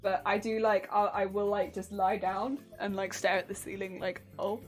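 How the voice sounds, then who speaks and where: A woman's voice: medium pitch, level tone, moderate pace, soft background music. A woman streamer chatting casually while sewing, bubbly and rambling, laughing often.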